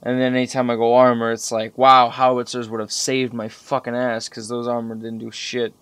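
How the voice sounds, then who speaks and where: A young man giving casual, profanity-laden commentary over strategy game footage, rambling and getting animated when he recalls frustrating moments. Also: mid-range voice, normal speed, smooth, no room sound. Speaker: gameplay commentator.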